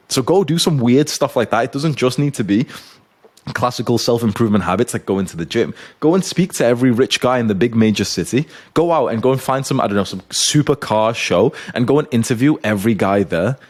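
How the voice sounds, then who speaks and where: A man's voice: mid-range voice, expressive, a little fast, a little mellow. A young man who coaches YouTubers, giving an intense motivational monologue to camera and swearing often. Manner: intense, swears often, urgent pep talk.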